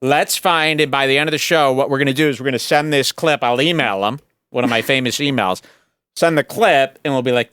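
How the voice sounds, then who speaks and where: A man's voice: mid-range voice, fairly quick, fairly bright tone, clean tone, no echo, clean studio sound. A man hosting a podcast, giving sarcastic, rambling, jokey commentary on a video clip. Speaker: podcast host.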